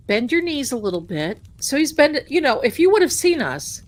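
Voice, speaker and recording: A woman hosting a tarot livestream, chatting casually and telling a personal story in an animated, amused way. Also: high-pitched, a little fast, hardly any pauses. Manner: chatty, animated, laughing at her own story. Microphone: desk mic at home.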